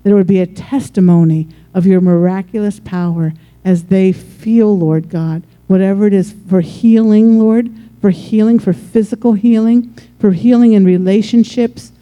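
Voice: medium pitch, fairly even intonation, normal speed, muffled recording. A pastor preaching a sermon that flows into a fervent prayer, repeating "Lord" and restarting phrases often.

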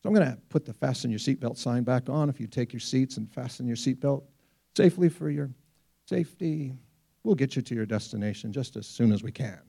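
A man voicing a calm male airline pilot making cabin announcements. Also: medium pitch, gravelly, breathy edge, voice pushed down. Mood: calm, reassuring. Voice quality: soothing, brisk announcer delivery.

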